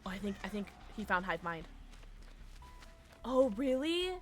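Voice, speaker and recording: A woman's voice: mid-range voice, very animated, measured pace, faint music behind. A young woman streaming a game, chatting casually and giggly with her viewers. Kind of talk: casual gaming stream chat.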